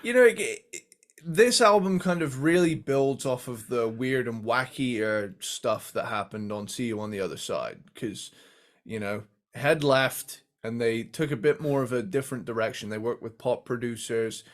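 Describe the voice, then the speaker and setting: A man co-hosting a casual music ranking talk show, laid-back and quick to laugh, with lots of filler words. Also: medium pitch. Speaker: podcast co-host.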